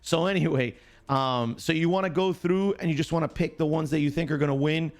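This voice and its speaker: This American streamer speaks a little high and a little fast. Explaining a picks game on his live stream, he keeps things loose, calling out chatters by name, joking and ribbing them.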